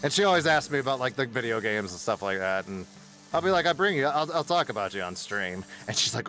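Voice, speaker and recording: A man's voice: medium pitch, big pitch swings, fast talker, sharp tone, soft background music. Rambling, cursing male streamer. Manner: rambling, profane storytelling with bursts of laughter. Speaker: game streamer. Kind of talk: casual stream chat.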